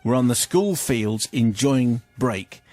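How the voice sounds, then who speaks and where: An English radio host reading out a listener's letter, telling it playfully and breaking off for jokey asides. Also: male voice, mid-range voice, animated, takes it slowly, darkish tone, no echo, faint music behind.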